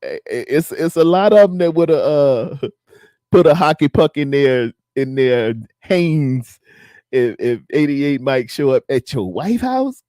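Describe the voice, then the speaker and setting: A man's voice: mid-range voice, mellow, no echo. A middle-aged man, hosting a casual live stream and rambling as he chats with his viewers. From Virginia.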